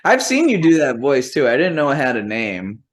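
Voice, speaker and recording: Male host, from New England, animated and profane, casual interview banter. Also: mid-range voice, moderate pace. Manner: animated, profane, jokey, slips into mocking voices. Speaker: podcast host.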